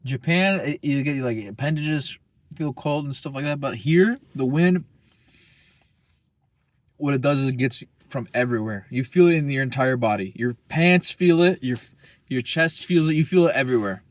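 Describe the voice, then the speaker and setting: A man's voice: medium pitch, lively intonation, normal speed, no room sound. A young man talking casually as a vlogger, rambling and profane, full of slang. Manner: slangy, profane, rambling, keeps saying bro.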